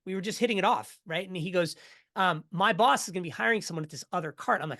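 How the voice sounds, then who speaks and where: A middle-aged man, a podcast guest, telling his story in a casual, energetic way and acting out what others said. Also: sits high, quick pace. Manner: energetic, animated storyteller who acts out quotes.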